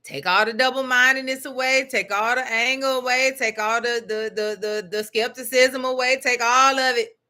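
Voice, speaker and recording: A woman leading a spoken prayer and meditation, laughing often as she talks aloud to God, then settling into a slow, soothing cadence. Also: a little high, steady tone, sharp tone. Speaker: spiritual teacher.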